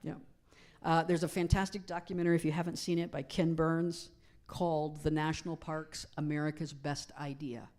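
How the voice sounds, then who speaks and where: A woman minister giving a sermon, talking conversationally and asking the congregation questions, with animated storytelling that drops to hushed emphasis. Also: deep voice, normal speed. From United States. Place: church sanctuary.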